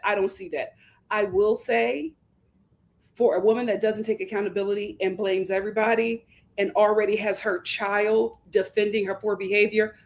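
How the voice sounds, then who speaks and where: A young woman with a fairly high voice hosts her own reality TV commentary. She talks in an animated, indignant way and often laughs, jumping up in pitch when she quotes her own reactions. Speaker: commentary channel host.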